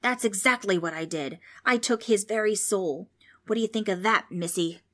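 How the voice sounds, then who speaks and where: A woman's voice: medium pitch, moderate pace, fairly bright tone, lightly acted. A woman voicing a brash, boastful ghost with a folksy, mocking way of talking. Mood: taunting.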